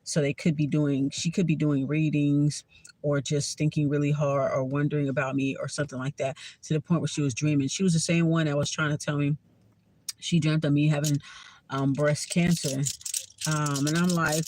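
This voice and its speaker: A woman's voice: low voice, fairly even intonation, a little fast, darkish tone. A woman tarot reader telling a story in a casual vlog, talking bluntly, sarcastically and with plenty of swearing.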